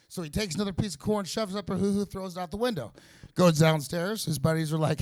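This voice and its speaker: A nervous man doing amateur stand-up, telling rambling jokes with lots of fillers and restarts. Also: high-pitched. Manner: rambling, halting delivery with many fillers and restarts. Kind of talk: stand-up comedy set. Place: small comedy venue in a vape shop.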